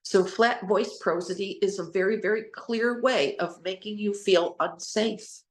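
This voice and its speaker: This host of a casual trauma recovery talk speaks in an unhurried, mid-range female voice. Earnest and prone to rambling, she spells out words and starts sentences over, and the room she's in has a noticeable echo.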